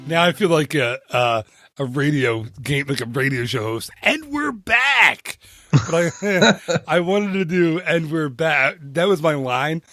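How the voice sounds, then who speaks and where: Excitable man podcast co-host. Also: fairly high pitch, moderate pace, soft background music. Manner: excitable, laughs often, reels off numbers. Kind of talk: casual chat.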